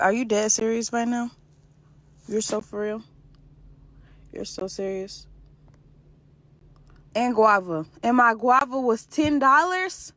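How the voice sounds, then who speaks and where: A woman's voice: fairly high pitch, pushed and bright. A woman in a casual vlog rant, incredulous and swearing. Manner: incredulous, swears, says bruh.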